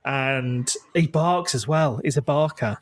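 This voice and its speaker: A man in his thirties, co-hosting a podcast and telling a funny story with lively acted-out voices. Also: medium pitch, takes it slowly. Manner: animated storytelling, acts out scenes. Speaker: podcast co-host. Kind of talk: casual chat.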